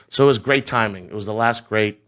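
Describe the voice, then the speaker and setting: Low-voiced man telling stories. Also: normal speed, a bit bright. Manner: laughs through anecdotes. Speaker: home builder guest. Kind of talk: casual storytelling.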